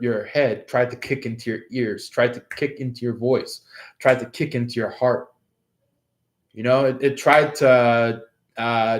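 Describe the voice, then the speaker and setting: A man talking slowly and unhurriedly through a casual tarot reading, his voice sitting at an ordinary middle pitch. He rambles and hesitates, full of fillers and restarts as he feels his way toward each point. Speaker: tarot reader. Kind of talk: casual astrology reading to viewers.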